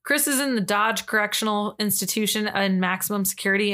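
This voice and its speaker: A woman's voice: medium pitch, fairly quick, sharp tone. A woman co-hosting a true-crime podcast, reading case details in a casual way and adding blunt, disgusted opinions. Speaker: podcast co-host.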